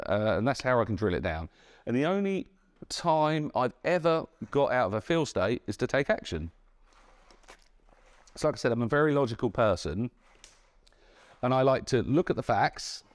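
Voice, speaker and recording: Middle-aged business owner from the UK giving a campus talk. Frank and conversational, keeps checking in with the room, mid-range voice. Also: male voice, mid-range voice, darkish tone. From United Kingdom. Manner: conversational, frank, with frequent "yeah?" check-ins. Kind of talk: lecture to students. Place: university lecture room.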